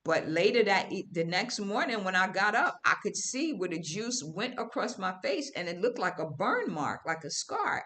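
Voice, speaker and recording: A woman hosting a livestream, telling a story to her viewers in casual, animated, slangy talk. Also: medium pitch, unhurried, few pauses, a little hiss or hum. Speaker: livestream host. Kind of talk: casual storytelling to a live audience.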